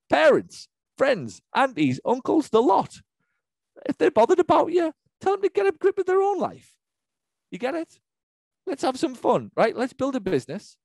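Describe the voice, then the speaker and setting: A man's voice: high voice, darkish tone, no room sound. A man, working as a business coach, ranting through an online webinar with lots of swearing and emphatic repetition. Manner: profane, emphatic, rapid-fire rant.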